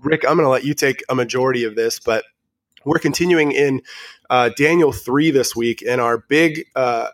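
A man hosting a church podcast as pastor, nasal from a cold, talking casually with pauses and fillers. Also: medium pitch, no echo, studio quality. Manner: relaxed, hesitant with fillers.

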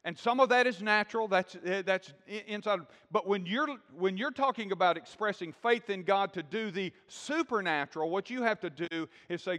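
A man's voice: high-pitched, moderate pace, hardly any pauses, a bit bright. A man preaching a sermon and asking the congregation questions as he talks. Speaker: pastor. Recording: long hall reverb.

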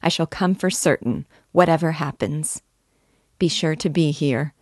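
A woman's voice: deep voice, measured pace, no room sound, studio quality. Woman reading as timid earnest young girl. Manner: soft, hesitant, heartfelt.

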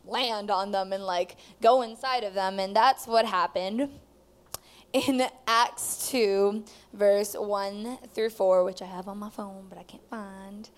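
A woman's voice: medium pitch, fairly even intonation, slow pace. A woman telling her personal testimony at church, rambling with many fillers as she tells the story. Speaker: student giving testimony.

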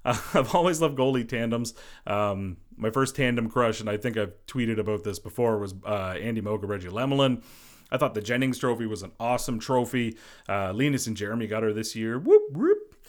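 Rambling, lower-pitched man hosting a sports podcast. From Boston area. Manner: rambling, heavy on "you know" fillers. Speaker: podcast host; former hockey goalie. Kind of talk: casual solo sports podcast.

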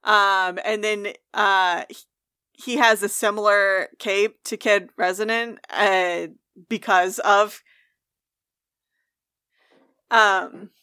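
A woman describing her character in a slow, hesitant way, full of fillers. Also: medium pitch, steady tone, bright, forceful tone, clean tone, no echo, clean studio sound. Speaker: player. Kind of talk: casual chat.

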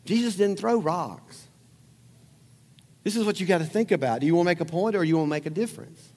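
A man's voice: sits high, fairly quick, darkish tone. Man preaching in a reverberant hall. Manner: conversational, rhetorical questions, repeats lines for emphasis. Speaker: pastor. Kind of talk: sermon.

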